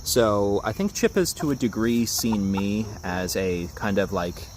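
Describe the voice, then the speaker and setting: A man from Japan chatting casually on a livestream about his chickens, recorded outdoors on a phone camera in a backyard, coaxing his birds in a soft sing-song. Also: fairly low pitch, a little slow. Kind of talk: casual live-stream chat. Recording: outdoor phone recording with steady background noise. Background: chickens clucking, insects chirping.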